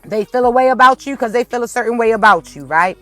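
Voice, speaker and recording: A woman's voice: a little high, expressive, quick pace, sharp tone, dry recording, faint music behind. A woman giving a casual spiritual message to viewers, speaking bluntly and swearing freely. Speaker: spiritual reader.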